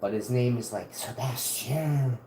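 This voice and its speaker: A man's voice: medium pitch, unhurried, vocal fry, dark tone, a little hiss or hum. Rambling joking man in an echoey kitchen. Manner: joking, meandering, self-interrupting. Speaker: livestream host. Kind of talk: casual rambling livestream chat. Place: home kitchen, indoors.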